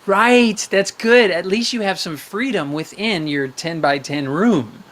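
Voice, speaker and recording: Guy hosting a live call-in show, kinda high voice, playful and upbeat, keeps asking questions and setting up games. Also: a little slow, fairly bright tone. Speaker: show host coaching young callers.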